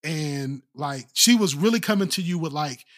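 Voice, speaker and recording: A man co-hosting a podcast, chatting casually and telling animated, laughing stories. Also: fairly high pitch, normal speed. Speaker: podcast co-host.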